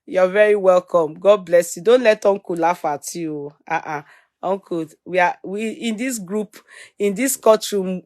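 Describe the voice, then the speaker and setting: A middle-aged woman with a Nigerian accent, hosting a casual live stream, reading viewer comments and telling stories in an animated way, switching into Pidgin and Yoruba. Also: fairly low pitch, no room sound, studio quality. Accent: Nigerian, Yoruba-influenced English. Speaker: livestream host.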